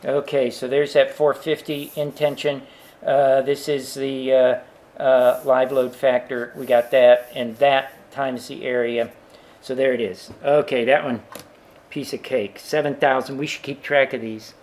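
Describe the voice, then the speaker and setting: A man talks through a calculation step by step in a slow, unhurried way. His pitch sits in the middle range, and he pauses often with fillers as he works things out aloud. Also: flat delivery, a little mellow. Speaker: engineering instructor. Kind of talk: worked example lecture.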